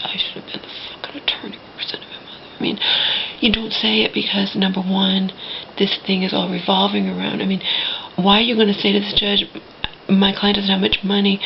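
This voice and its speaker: Angry lady ranting to her viewers, gravelly voice, kinda muffled lo-fi recording with faint hiss. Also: medium pitch. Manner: indignant, mocking, swears, addresses viewers as people. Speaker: vlogger. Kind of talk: angry personal rant to camera.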